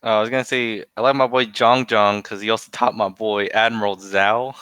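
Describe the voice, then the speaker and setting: A man's voice: lowish voice, fairly even intonation, a little fast, fairly bright tone, smooth, dry recording. A young man co-hosting a podcast, chatting casually and rambling with restarts and fillers. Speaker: podcast co-host. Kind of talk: casual chat.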